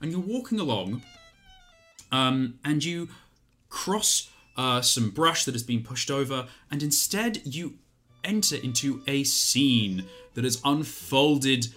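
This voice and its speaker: A man narrating as game master, pausing often with fillers. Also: medium pitch, expressive, fairly bright tone. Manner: hesitant, filler-heavy. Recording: faint music behind.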